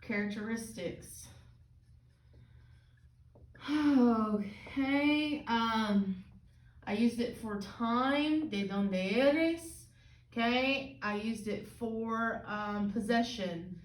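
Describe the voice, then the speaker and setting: A woman's voice: fairly high pitch, very slow, pauses often, far from the mic. A woman teaching a Spanish lesson at a whiteboard, asking "okay?" after nearly every phrase. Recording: echoey room, voice from off-mic.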